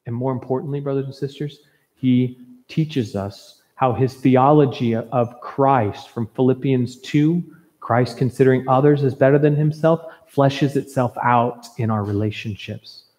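A man preaching a sermon as pastor, earnest and emphatic, with warm conversational asides. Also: mid-range voice, unhurried, in a large hall. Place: church sanctuary.

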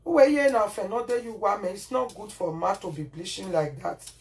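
A woman's voice: medium pitch, fairly quick, darkish tone, distant mic. A woman speaking Nigerian Pidgin in a home kitchen as she cooks for her vlog, scolding and repeating herself, often asking "Eh?". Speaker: cooking vlogger. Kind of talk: casual cooking vlog rant. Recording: voice from off the mic, faint noise.

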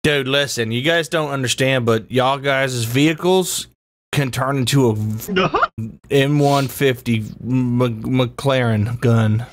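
A man's voice: medium pitch, takes it slowly, background noise. A young man hosting a let's-play video, joking and rambling in casual gaming banter. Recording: game music playing behind.

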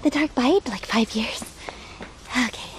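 A woman's voice: fairly high pitch, measured pace. A woman livestreaming while climbing outdoor stairs, out of breath, talking through a face mask and chatting casually with viewers by name. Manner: chatty, greets viewers by name, self-deprecating. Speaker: travel livestreamer. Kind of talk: casual livestream chat, reading chat aloud. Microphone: wearing a face mask while talking. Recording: outdoor livestream with background noise.

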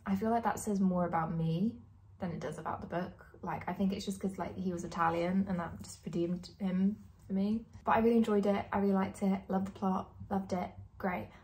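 A woman's voice: medium pitch, steady tone, fairly quick, darkish tone. A young woman in her twenties, a vlogger giving casual, candid book opinions with plenty of "like" and "um". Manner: chatty, candid, lots of likes and ums. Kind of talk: casual chat.

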